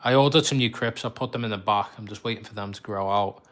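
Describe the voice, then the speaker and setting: A man's voice: fairly low pitch, fast talker, fairly bright tone. Chatty Scouse man streaming live. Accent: Liverpool (Scouse). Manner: chatty, laughs often, self-mocking. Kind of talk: casual live-stream chat.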